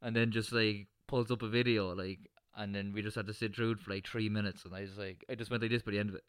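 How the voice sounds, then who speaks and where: A young Irish man co-hosting a podcast, telling stories casually with halting fillers and frequent swearing. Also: lowish voice, flat delivery, a bit bright, smooth, dry recording, clean studio sound. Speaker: podcast co-host. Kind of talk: casual chat.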